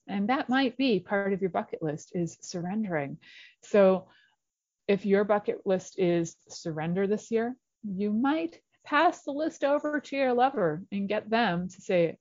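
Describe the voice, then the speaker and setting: A woman's voice: mid-range voice, moderate pace, a little mellow, no room sound. A middle-aged woman hosting a talk show, chatty and encouraging with playful asides. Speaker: radio show host. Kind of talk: casual solo talk show monologue. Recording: slightly dull lo-fi recording.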